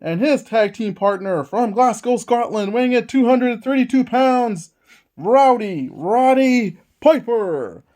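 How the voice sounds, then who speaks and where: A man hosting a tabletop wrestling game and calling it like a ring announcer. He narrates every move as it happens, with plenty of excitement. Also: very high-pitched, takes it slowly. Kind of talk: wrestling play-by-play commentary.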